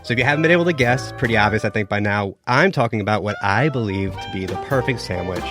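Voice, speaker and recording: A man pitching his case on a podcast with a playful, theatrical, drawn-out storytelling manner. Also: animated, music in the background. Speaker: reporter and debate guest.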